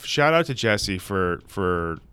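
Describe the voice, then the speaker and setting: A man hosting a podcast, chatting casually and rambling through jokes with loud bursts. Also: deep voice, very animated, slow, smooth. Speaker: podcast host. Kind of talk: casual comedic chat.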